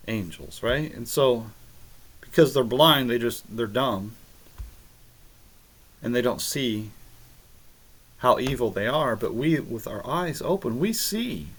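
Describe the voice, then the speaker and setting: A man giving a rambling, halting monologue on scripture, arguing with critics he addresses directly. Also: medium pitch, husky. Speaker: religious video maker.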